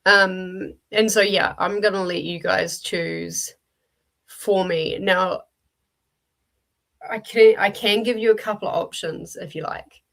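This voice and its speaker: A woman's voice: mid-range voice, steady tone, slow, vocal fry, fairly bright tone. A woman with a New Zealand accent hosting a casual livestream, chatty and talking straight to her viewers with frequent ums, in her early-morning voice. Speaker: livestream host leading reading sprints.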